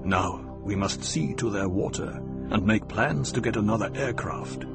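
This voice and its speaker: A man's voice: fairly low pitch, normal speed, creaky, loud music behind the voice. A man voicing a grim, practical desert warrior who speaks in a matter-of-fact way. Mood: calm.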